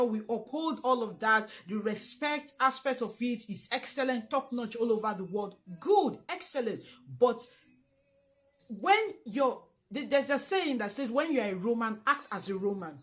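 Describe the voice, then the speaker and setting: Chatty woman vlogging, high voice. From Nigeria. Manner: chatty, thanks viewers at length, hesitant fillers. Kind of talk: opinion vlog to camera.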